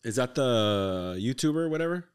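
A man hosting a podcast, excitedly retelling a horror movie plot in casual, profane, rambling chat. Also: mid-range voice, moderate pace, clear, resonant tone. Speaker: podcast host.

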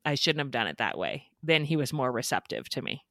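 A woman's voice: very deep voice, sing-song, brisk, fairly bright tone, no room sound, clean studio sound. A woman hosting a podcast, telling a parenting story with light laughs. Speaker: podcast host. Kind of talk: podcast conversation.

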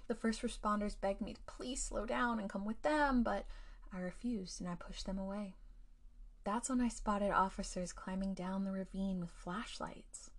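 A woman narrating a spooky tale for her story podcast. Her delivery stays hushed and drops close to a whisper, as scripted ghost-story narration, at an ordinary middle pitch for a woman.

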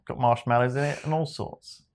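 A man's voice: medium pitch, steady tone, brisk. Easygoing, rambling male podcast co-host. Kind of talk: casual chat.

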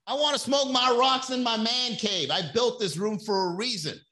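A man's voice: extremely high pitch, moderate pace, sharp tone, pitched above the performer's own voice. A man voicing an indignant crack smoker who defends his man cave. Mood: defiant. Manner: indignant, swearing.

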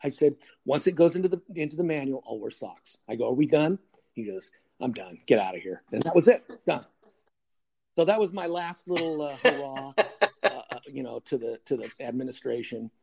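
An older man, a retired detective, tells a casual anecdote in a blunt, wry way, acting out both sides of the conversation with lots of "I go" and "he goes." His mid-range voice is animated and darkish, with vocal fry and a breathy edge, at a normal speed.

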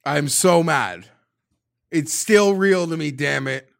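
A man on a casual sports podcast, ranting with a lot of swearing and breaking into shouts. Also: on the high side, slow pace, creaky, no echo, clean studio sound. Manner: profane, ranting, swings into shouting.

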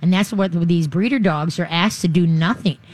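This is a dog trainer giving casual, off-the-cuff advice, talking quickly and rambling through restarts. The voice sits at a middle pitch and keeps jumping up into high, playful voices to act out owners and their dogs.

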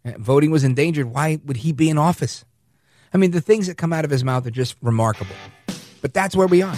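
A middle-aged man delivers an emphatic political monologue on talk radio in a somewhat high voice. He drifts into stories and acts out the quotes. The studio sound is dry, with faint music underneath. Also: no room sound. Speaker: radio talk show host.

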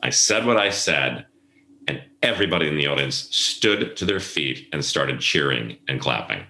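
This middle-aged man has a rumbling low voice, pushed and bright, expressive and moderately paced. An event planner, he recounts stories in a relaxed interview recorded in an echoey room, mimicking the people he quotes.

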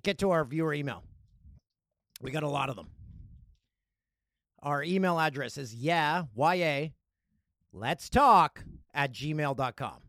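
Man hosting a podcast, bit high-pitched and lively, jokey delivery, dry close sound. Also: unhurried, long pauses, dry recording. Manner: animated, jokey, riffing. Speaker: podcast host. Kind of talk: casual solo podcast chat.

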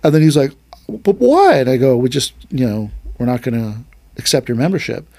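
Animated man telling a dojo story. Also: medium pitch, fast talker, no echo. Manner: animated storyteller, acts out quotes. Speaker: aikido instructor and podcast host. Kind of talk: casual storytelling chat.

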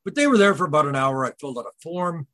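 A man talking as a podcast guest, telling a personal story in an earnest, halting way and often retelling what people said. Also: a little high, sing-song, a bit bright, dry recording. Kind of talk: casual first-person storytelling.

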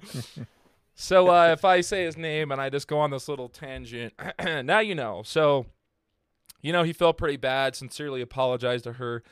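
A man's voice: a little high, moderate pace, smooth, no echo, clean studio sound. Rambling man telling a story casually. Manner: rambling, filler-heavy, laughs at own jokes. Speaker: podcast host.

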